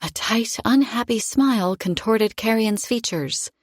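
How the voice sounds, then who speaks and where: A woman narrating a fantasy audiobook in first person, with a measured, expressive reading. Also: on the high side, dry recording, clean studio sound.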